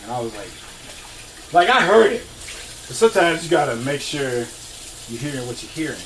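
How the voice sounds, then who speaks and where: Young man, casual storytelling, lively pitch that swings a lot, laughs often, swears freely, faint background noise. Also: normal speed. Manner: acts out dialogue in shifting voices.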